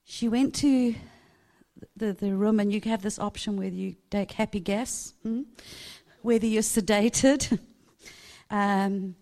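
A woman's voice: mid-range voice, takes it slowly, a little mellow. A woman preaching a sermon, telling a personal story animatedly and laughing often.

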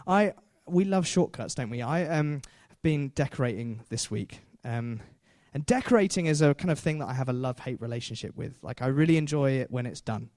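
A man's voice: mid-range voice, expressive, a little fast, hardly any pauses, darkish tone, dry recording, studio quality. A man preaching a sermon in a chatty way, with self-deprecating jokes and frequent fillers.

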